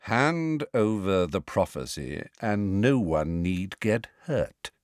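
A man voicing a cold, aristocratic male villain who speaks in a soft drawl. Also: low-pitched, big pitch swings, slow pace, no echo, clean studio sound, exaggerated voice. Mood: cold menacing.

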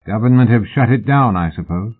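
Guy voicing a tired reserved gent, short answers, low husky tone, audiobook. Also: expressive, a little fast. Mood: terse. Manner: terse, clipped, restrained. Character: reserved, weary Victorian gentleman. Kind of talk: audiobook character voice. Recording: husky voice on a tinny phone-like line.

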